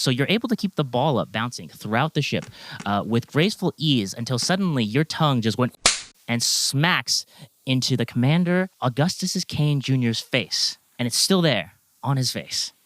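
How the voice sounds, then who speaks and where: Male game master, animated pitch, dry close mic. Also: moderate pace, no echo. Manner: playful, lively narration, laughs often. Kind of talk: narrating a tabletop game.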